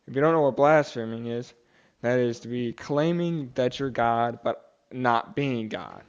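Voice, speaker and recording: A man's voice: medium pitch, a little slow, clear, resonant tone, muffled recording. A young man hosting a podcast, retelling a Bible story in casual talk, with many fillers and restarts and quotes acted out in character. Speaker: podcast host.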